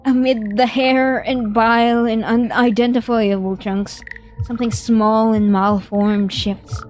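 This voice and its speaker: A woman's voice: fairly high pitch, steady tone, a little slow, darkish tone, a little hiss or hum, rough recording. A young woman streamer reading a horror game aloud in vivid, dramatic narration. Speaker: gaming streamer.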